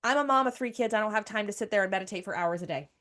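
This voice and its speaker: A woman's voice: medium pitch, rapid-fire, a bit bright. A woman in her thirties talking candidly as a podcast host, emphatic and swearing freely, often repeating her phrases. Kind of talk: candid monologue.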